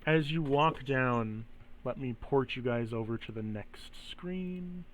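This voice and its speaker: A man's voice: mid-range voice, slow pace, slight background noise. Man narrating as game master.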